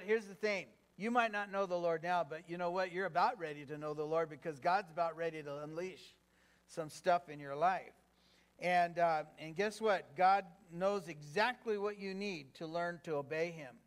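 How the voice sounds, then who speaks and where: A high-voiced man preaching as pastor. He keeps it conversational, with fillers and restarts, and keeps turning to the congregation with questions. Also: fairly bright tone. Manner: engaging, asks the congregation questions. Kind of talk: sermon.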